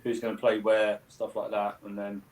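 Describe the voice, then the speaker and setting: A man's voice: on the low side, completely flat delivery, moderate pace, a little mellow, low-quality recording. A man co-hosting a casual football watchalong, easygoing and agreeable, often chiming in with "yeah". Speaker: co-host of a watchalong.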